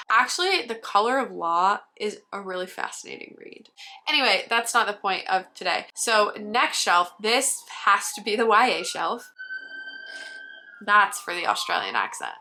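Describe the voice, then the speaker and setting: Brief: young woman vlogger, bright forceful voice, playful roast-style commentary. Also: medium pitch, animated, moderate pace. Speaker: book vlogger. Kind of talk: casual comedic commentary.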